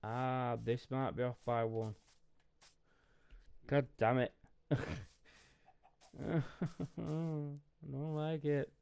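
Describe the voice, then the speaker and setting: Male streamer, gravelly and mellow, casual mutter-along build chat. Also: mid-range voice, fairly even intonation, drawn-out words, pauses often. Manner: mutters and counts aloud while building, with mild swearing. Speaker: gaming streamer. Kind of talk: casual live gameplay chat.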